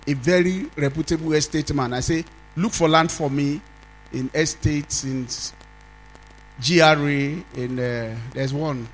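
A Nigerian man, a pastor, preaching a sermon as a story, swinging from loud exclamations to low asides. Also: a little hiss or hum, poor audio.

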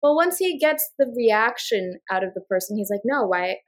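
A woman's voice: a little high, sing-song. A woman co-hosting a podcast, recapping a reality show in casual chat and acting out quotes from the cast. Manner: fast recapping with acted-out quotes. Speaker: podcast co-host.

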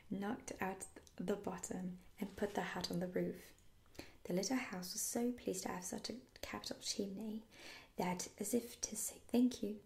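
A woman reading a fairy tale aloud in a soft, slow whisper, as a whispered role-play. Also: mid-range voice, vocal fry. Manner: soft-spoken, slow and soothing. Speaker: storyteller.

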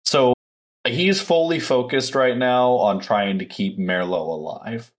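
A man playing a tabletop game who calmly explains his character's actions in a matter-of-fact way. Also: mid-range voice, takes it slowly. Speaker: player. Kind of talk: casual tabletop play.

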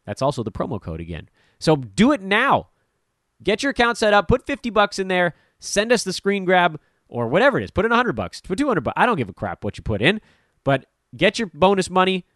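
A male podcast host with a slightly high voice that swings up and down a lot. He rambles in a blunt, joking way, and the sound is dry, with no room behind it. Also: dry recording. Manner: animated, rambling, jokey and blunt. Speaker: fantasy basketball podcast host. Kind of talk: casual podcast talk with sponsor promo.

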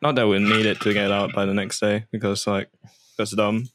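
A man's voice: on the low side, little pitch movement, normal speed, a bit bright, a little hiss or hum. A man in casual podcast banter, joking, swearing and tripping over his words. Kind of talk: casual chat.

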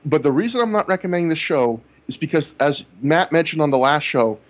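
A man's voice: a little high, animated, a little fast. A man co-hosting a casual podcast, recapping events at length with frequent "you know". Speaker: podcast co-host reviewing wrestling shows. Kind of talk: casual chat.

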